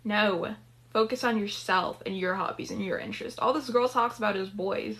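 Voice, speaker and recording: A woman's voice: mid-range voice, normal speed, fairly bright tone. A woman reading a story aloud and chatting about its characters between passages. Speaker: story reader.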